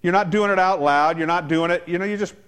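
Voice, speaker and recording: Male pastor, sermon, chatty and joking, pitched a bit high. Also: quick pace, fairly bright tone, clear, resonant tone. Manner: conversational, joking asides, frequent restarts.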